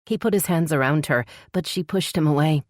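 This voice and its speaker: A woman reads a novel as an audiobook, measured and even. Her voice is strikingly low. The recording is dry and close to the mic. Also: no room sound. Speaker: audiobook narrator. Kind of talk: scripted audiobook narration.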